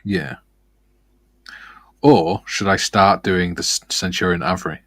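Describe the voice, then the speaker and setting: A man's voice: low-pitched, fairly even intonation, unhurried, fairly bright tone, dry recording. A man co-hosting a model-building stream, chatting casually and reading out viewer comments, laughing easily.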